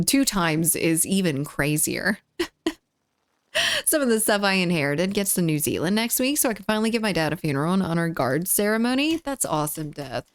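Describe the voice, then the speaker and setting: A woman hosting a casual gaming live stream, her voice bouncing up and down in pitch as she talks. She giggles easily and keeps up a running chat with her viewers, reading their messages aloud and answering them. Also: clean tone, no echo, clean studio sound. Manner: giggly, reads chat aloud and chats back. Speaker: game streamer.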